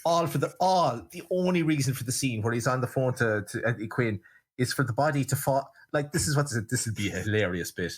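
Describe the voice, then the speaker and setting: A man's voice: medium pitch, expressive, brisk, slightly rough. A man co-hosting a podcast, nitpicking with sardonic, sweary humour. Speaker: podcast co-host. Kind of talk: casual chat.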